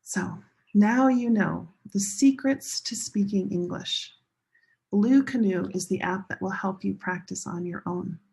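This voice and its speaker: A woman teaching English pronunciation in a classroom lesson, slowly modeling each word and stressing syllables with care. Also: medium pitch, darkish tone. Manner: slow, deliberate modeling of words with clear stress.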